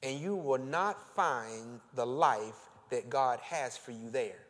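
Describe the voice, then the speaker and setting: A male pastor preaching a sermon, leading his congregation in call and response with slow, drawn-out emphasis. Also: medium pitch, fairly bright tone. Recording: long reverb of a church hall.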